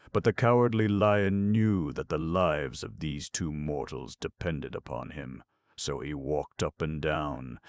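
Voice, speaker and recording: In a very deep, gravelly voice, a man narrates a storybook for an audiobook at a steady, leisurely pace. His scripted reading is captured close-up and dry, with no echo.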